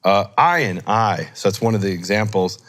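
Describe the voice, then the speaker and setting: A man explaining grammar in a relaxed teaching discussion, thinking aloud and correcting himself as he goes. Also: fairly low pitch, moderate pace. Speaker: Hebrew scholar teaching.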